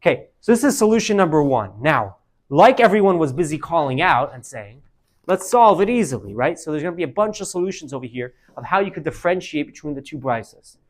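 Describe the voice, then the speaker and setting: A man teaching Talmud to a class, animated, calling on students by name and quizzing them. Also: on the high side, quick pace.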